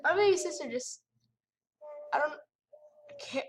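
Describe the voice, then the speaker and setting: A woman's voice: high-pitched, lively intonation, moderate pace, a little hiss or hum. A woman ranting with sassy indignation while commentating her gameplay at home by the computer. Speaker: gaming channel host.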